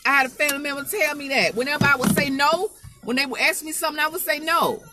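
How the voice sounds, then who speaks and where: A woman's voice: high-pitched, fast, very noisy. A woman preaching an informal spoken sermon, emphatic and folksy, repeating her phrases to drive the point home.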